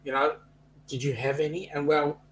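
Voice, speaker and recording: Chummy Australian man, slightly high voice. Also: little pitch movement, moderate pace, slight background noise, low-quality recording. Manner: breezy and chummy, slangy. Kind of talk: casual group video chat.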